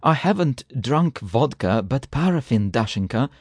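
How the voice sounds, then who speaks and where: A man's voice: medium pitch, very animated, measured pace, a little mellow, no room sound, studio quality. A man voicing a frightened man who moans and stammers breathlessly, begging for help. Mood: moaning, pleading. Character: panicked, pleading frightened man.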